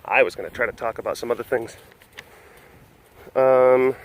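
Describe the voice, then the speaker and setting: A man's voice: medium pitch, steady tone, moderate pace, pauses often. A man hosting a casual webcast from an animal facility, rambling, laughing often, and cooing at the animals. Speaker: vlog host at a wild animal facility.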